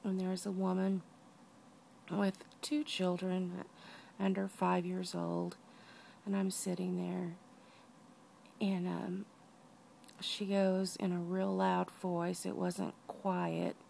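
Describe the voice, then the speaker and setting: Woman, gravelly, out of breath, soft-spoken, slips into whispers, lying down at home, video diary. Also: on the low side, monotone, takes it slowly, long pauses, a little hiss or hum. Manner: tired, soft-spoken, often drops to a whisper. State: weak and out of breath. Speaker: vlogger.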